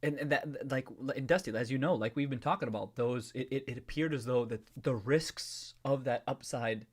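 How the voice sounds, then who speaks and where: Male live stream host, mid-pitched, jokey and loose, rambling chat with restarts. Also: normal speed, slightly rough. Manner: playful and joking, greeting chat viewers by name.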